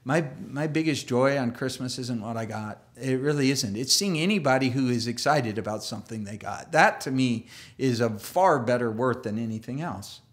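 A male pastor gives a sermon in an animated, chatty storytelling way and acts out quoted voices. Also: medium pitch, normal speed. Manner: chatty, full of fillers and restarts.

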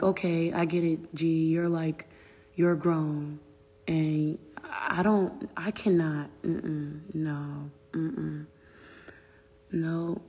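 A woman talks slowly and unhurriedly in a low, gravelly, husky voice, venting to viewers on a phone livestream. She swears freely, sounds exasperated, and keeps slipping into hushed whispered asides. Her voice rings with a long reverb from the room.

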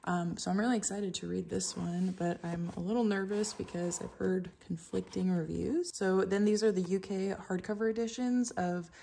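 Chatty young woman with a gravelly edge. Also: mid-range voice, fairly even intonation, moderate pace, hardly any pauses, dark tone. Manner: chatty, upbeat, with fillers and small laughs. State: out of breath. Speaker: vlogger. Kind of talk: casual vlog narration. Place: home apartment.

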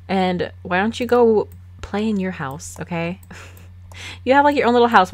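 A woman narrates her life-simulation game in a loose, chatty way. She teases and scolds her characters with a sassy, playful edge and laughs often. Her voice sits at a middling pitch, recorded on a desk microphone. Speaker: gaming channel host. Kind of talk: casual game commentary.

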